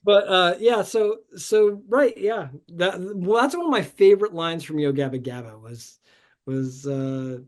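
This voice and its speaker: A man's voice: high-pitched, lively intonation, normal speed, hardly any pauses. A man telling stories as a podcast guest in a casual interview, upbeat and rambling, heard over a video call. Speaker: podcast guest, show artist.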